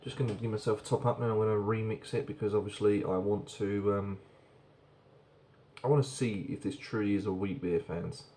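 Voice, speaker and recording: A man's voice: fairly low pitch, steady tone, brisk, mellow, a little hiss or hum. A man casually reviewing a beer on camera, chatty and rambling, often repeating words as he goes.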